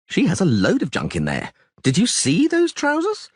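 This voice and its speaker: A man voicing a vain, flamboyant young bard who talks excitably and dramatically in an audiobook. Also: high-pitched, normal speed, slightly rough, no echo, studio quality, voice pushed up, exaggerated voice. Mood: excitable flamboyant. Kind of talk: audiobook character voice.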